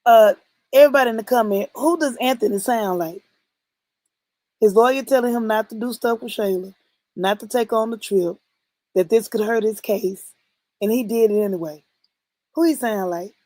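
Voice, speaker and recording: Streamer host, woman, animated, quizzes chat, fairly high voice, dry close sound. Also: moderate pace, long pauses, no echo. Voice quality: animated, quizzes her viewers, exclaims often. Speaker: livestream host reacting to skits. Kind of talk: casual reaction stream chat.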